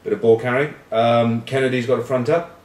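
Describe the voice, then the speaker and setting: A man's voice: medium pitch, fairly even intonation, fairly quick. A man, rambling wryly and cheekily in casual rugby chat to camera. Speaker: rugby pundit and vlog host. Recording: roomy echo, distant mic.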